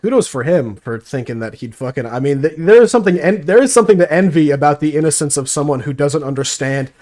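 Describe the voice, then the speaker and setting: A man's voice: fairly high pitch, expressive, brisk, darkish tone. A young man giving casual gameplay commentary, brash and profane, mocking as he tells stories. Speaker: gaming streamer.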